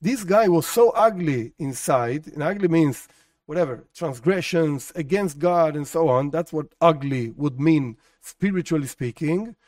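Man, religious teacher, animated storyteller, dry room, mic a bit away. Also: on the high side, measured pace, dry recording, far from the mic. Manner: animated storyteller, chatty asides. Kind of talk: storytelling Torah lesson.

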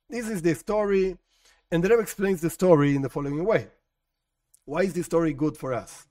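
Man, religious teacher, animated storyteller, dry room, mic a bit away. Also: on the high side, fairly quick, no echo, far from the mic. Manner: animated storyteller, chatty asides. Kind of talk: storytelling Torah lesson.

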